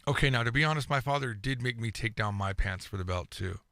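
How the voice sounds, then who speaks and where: A man co-hosting a casual podcast, with a gravelly edge and a bright, forceful tone. He tells stories in an animated way and acts out the quoted lines. The sound is dry and close. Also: mid-range voice, fast talker, dry recording. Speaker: podcast co-host. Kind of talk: casual chat.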